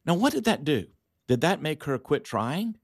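A man, a pastor telling lively stories as a guest in a studio conversation. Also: a little high, moderate pace, slightly rough, no echo. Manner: lively, acts out voices in his stories. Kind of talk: animated storytelling in a studio conversation.

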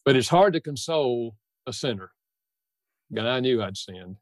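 An older man with a mid-pitched voice tells a personal story in an earnest, heartfelt way. His voice is recorded dry and close, with no room sound. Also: lively intonation, normal speed, dry recording. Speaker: guest. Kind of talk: storytelling in a podcast interview.

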